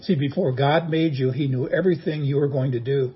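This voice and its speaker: A man's voice: mid-range voice, fairly quick, slightly rough, dull audio. A man preaching a sermon as a pastor, in a folksy, humorous storytelling manner.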